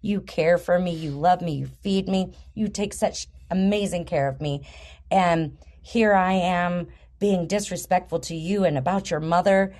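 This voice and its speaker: A woman's voice: on the low side, a little slow, darkish tone, natural voice. Woman telling of a politely apologetic parrot. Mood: contrite. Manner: suddenly formal and apologetic. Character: polite repentant talking parrot, male.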